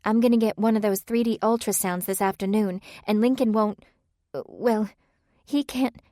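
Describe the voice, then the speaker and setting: A woman voicing an anxious young wife longing for a baby, pleading and tearful, then quick to tease, in a dry audiobook reading. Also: mid-range voice, fairly even intonation, dark tone, no room sound, pitched above the performer's own voice, close to an everyday voice. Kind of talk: audiobook character voice.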